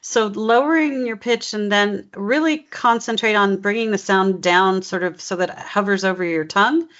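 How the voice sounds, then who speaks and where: A woman from California working as a dialect coach, explaining ideas in a measured, encouraging way. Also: medium pitch, fairly bright tone. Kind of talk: one-on-one coaching session. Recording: dull lo-fi recording.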